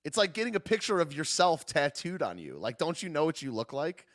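Animated sarcastic male livestream host. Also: a little high, a little fast. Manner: sarcastic, laughs often, reads chat aloud. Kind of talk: casual livestream commentary.

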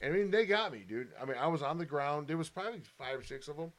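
A man telling a wild fight story in casual chat, swearing constantly and animated. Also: on the high side, fast talker.

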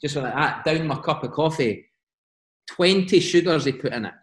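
A man's voice: a little high, moderate pace. Scottish man telling stories in a roomy room. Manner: animated, laughing often, quotes teammates in voices. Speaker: podcast guest. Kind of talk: casual storytelling.

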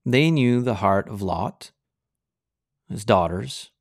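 A man's voice: on the low side, lively intonation, slow pace, no echo, clean studio sound. Fiery, insistent male preacher. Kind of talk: sermon.

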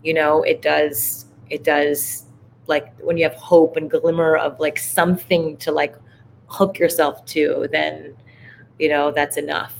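A woman's voice: deep voice, flat delivery, unhurried, gravelly, a little hiss or hum. A woman guest in a casual conversation, speaking reflectively and from the heart, with many "like" fillers. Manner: reflective, heartfelt, heavy use of "like". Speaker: podcast guest.

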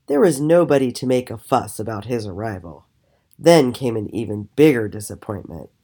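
A woman telling a children's story aloud with an expressive, animated storytelling manner. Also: extremely low pitch, normal speed, slightly rough. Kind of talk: storybook reading.

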